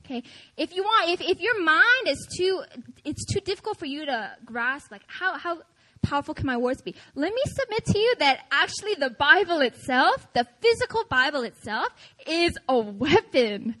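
Woman pastor, high bright voice, lively storytelling sermon with frequent laughs. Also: moderate pace, low-quality recording. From United States. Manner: animated, chatty, frequent laughter.

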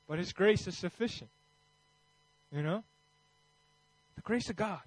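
A man's voice: high-pitched, big pitch swings, moderate pace, pauses often, no room sound, rough recording. A man preaching a Christmas sermon in a conversational way, then leading a fervent prayer. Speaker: pastor.

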